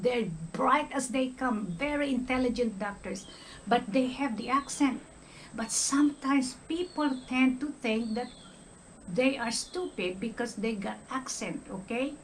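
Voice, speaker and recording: This retired nurse vlogger is an older Filipina woman with a Filipino accent and a slightly high voice. She speaks in a casual vlog monologue, often checking in with "okay?", and the low-quality recording carries slight background noise.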